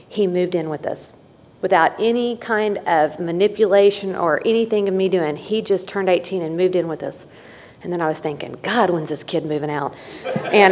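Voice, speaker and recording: A middle-aged woman telling her personal story at a recovery meeting, candid and folksy with wry asides. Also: lowish voice. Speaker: speaker sharing at a recovery meeting. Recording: long hall reverb.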